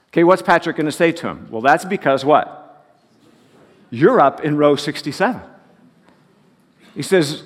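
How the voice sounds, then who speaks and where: A man's voice: a little high, animated, normal speed, long reverb tail. A man preaching a sermon as pastor, folksy and joking as he tells stories.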